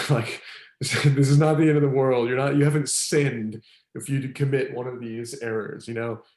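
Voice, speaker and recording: A man facilitating a circling group, talking in a relaxed, rambling way with many fillers and laughs. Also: medium pitch, normal speed, roomy sound. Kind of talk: casual teaching talk.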